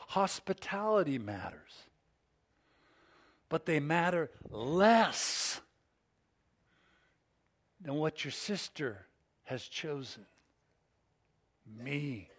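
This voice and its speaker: A male pastor preaching a sermon in an expressive way, acting out scripture scenes. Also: on the high side.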